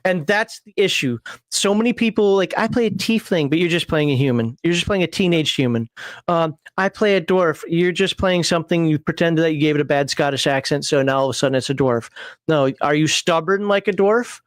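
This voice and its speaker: A man's voice: fairly high pitch, brisk, no room sound. Dry-miked opinionated male stream host. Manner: opinionated and wry, with frequent fillers. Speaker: host of a livestream panel show. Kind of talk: casual livestream chat, reading viewer comments.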